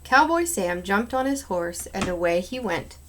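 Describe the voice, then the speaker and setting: A woman's voice: mid-range voice, animated, normal speed, fairly bright tone, a little hiss or hum. Home read-aloud: a woman reading children's books, unpolished, with small slips. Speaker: reader.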